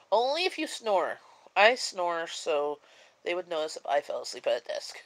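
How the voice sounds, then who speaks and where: A woman's voice: on the low side, sing-song, unhurried, low-quality recording. A woman hosting a casual live-stream chat, sleepy and yawning, rambling along with plenty of fillers. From Canada. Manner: rambling and chatty, many fillers.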